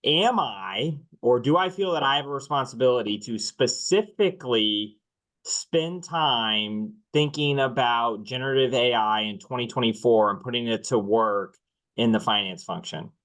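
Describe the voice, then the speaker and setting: Candid, measured male finance chief. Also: mid-range voice, fairly bright tone, rough recording. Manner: measured, candid, dry humor, filler ums. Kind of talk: webinar panel discussion.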